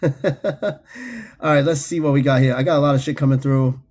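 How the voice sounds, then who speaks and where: A man with a New York City accent hosts a casual livestream, reading viewer comments aloud in an animated, profane way and laughing often. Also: medium pitch, moderate pace. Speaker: host.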